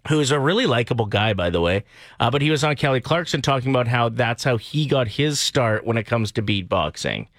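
A joking male morning radio host talks in relaxed, teasing banter from a studio mic. His voice sits mid-range for a man. The sound is dry, close and free of room echo. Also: medium pitch, a little fast.

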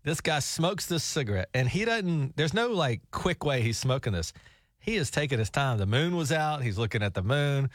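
A man's voice: mid-range voice, big pitch swings, normal speed, no room sound, clean studio sound. A man on a talk show, telling a rambling, jokey travel story with laughs. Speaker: radio show co-host. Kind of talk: casual storytelling chat.

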